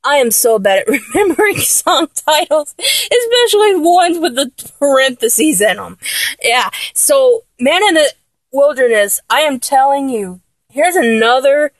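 A woman's voice: high-pitched, expressive, measured pace, no room sound. A woman chatting casually about songs she loves, rambling with many ums and restarts and breaking into bits of song. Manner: sings snatches of songs badly. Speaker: music fan talking to viewers.

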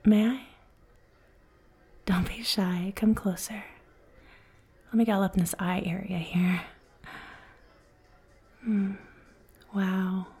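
A woman voicing a flirty, caring female bartender in a whispered role-play, speaking softly, slowly and soothingly, with a teasing edge. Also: medium pitch, flat delivery, husky. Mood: tender. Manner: soft, slow, soothing, teasing.

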